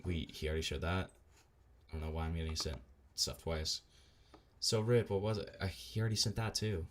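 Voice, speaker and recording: Low-voiced man doing sarcastic commentary. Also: fairly even intonation, fairly quick, a little hiss or hum. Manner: casual, crude slang, sarcastic asides. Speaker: online commentator. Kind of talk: casual reaction commentary.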